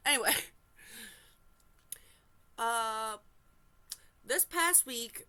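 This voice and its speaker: A woman reads a forum story aloud at an unhurried pace, her voice bright and forward. She keeps stopping for animated, exclaiming asides and apologies. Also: medium pitch. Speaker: reaction channel host.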